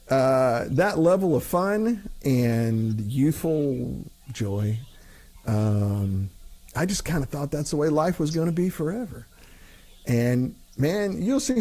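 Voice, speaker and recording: A middle-aged man hosts a relaxed chat and spins road stories with lots of laughter. He slips into quick impressions of the people he quotes, and his voice sits at an ordinary middle pitch. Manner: animated, laughs often, acts out quoted voices. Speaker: host. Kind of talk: casual storytelling chat.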